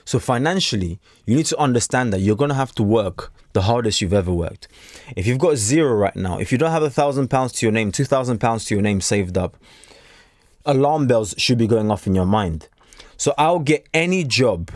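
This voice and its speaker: A man's voice: medium pitch, animated, brisk, darkish tone, dry recording, studio quality. A man from Africa giving a blunt, preachy motivational talk straight to camera, acting out the voices he quotes. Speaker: self-improvement coach.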